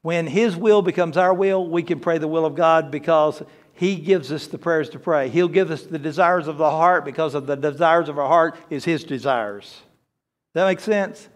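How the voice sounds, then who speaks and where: A man's voice: fairly high pitch, normal speed. A man preaching a sermon, earnest and emphatic, telling a story to make his point. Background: faint guitar music.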